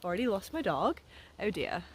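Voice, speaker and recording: A woman rambles in a whimsical, chatty way as she walks outdoors, speaking with a put-on British accent. Her pitch sits in the middle of the usual range. Faint nature ambience drifts behind her. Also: big pitch swings, moderate pace, a little hiss or hum. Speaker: nature vlogger. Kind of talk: casual walking vlog. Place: outdoors in the woods.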